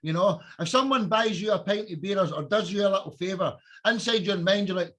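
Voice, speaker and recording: A man's voice: high-pitched, fairly quick, a bit bright. A man hosting a podcast, talking in an impassioned, preachy, emphatic way. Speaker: podcast host. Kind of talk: casual chat.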